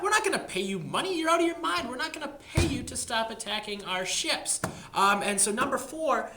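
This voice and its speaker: A man's voice: high voice, bright, forceful tone, a little hiss or hum. A man teaching history in a casual lecture, chatty and jokey, using slang. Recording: echoey room.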